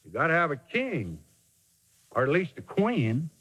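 A man's voice: a little high, wildly swooping pitch, measured pace, fairly bright tone, slightly rough, big-room sound, rough recording. A man preacher delivering a sermon in an emphatic, dramatic way with sudden swings in delivery.

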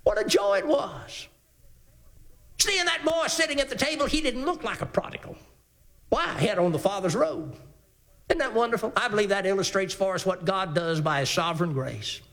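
A man preaching with great animation, his voice sitting very high and sounding bright and forceful. He slips into the characters of the story as he goes and reads scripture slowly and deliberately. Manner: reads scripture in slow King James cadence. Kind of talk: sermon.

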